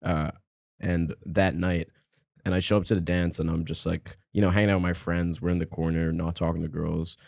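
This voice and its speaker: Young male podcast host, low dry voice, rambling comic storyteller. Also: level tone, fairly quick, vocal fry, a little mellow, no room sound. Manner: rambling storyteller, laughs often, heavy filler words. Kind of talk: casual comedy podcast chat.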